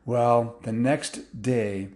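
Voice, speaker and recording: Drawing out his words in a mid-range voice, a man spins a loose, casual story with fillers and restarts, his excitement rising as the action heats up.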